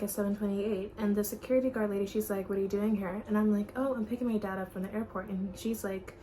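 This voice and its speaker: A woman's voice: medium pitch, mellow, a little hiss or hum, low-quality recording. A young woman vlogging, telling candid, gossipy stories in a casual chat. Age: young adult. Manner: chatty, gossipy, candid storytelling.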